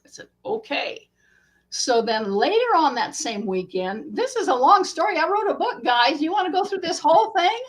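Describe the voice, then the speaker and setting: A woman author, a guest in an interview, telling a story in a casual, animated way and acting out the quotes. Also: sits high, normal speed.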